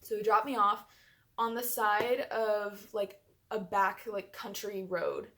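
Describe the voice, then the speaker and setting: A woman's voice: medium pitch, steady tone, slow, bright, forceful tone. A young woman telling a personal story in a chatty vlog, full of fillers. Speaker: vlogger.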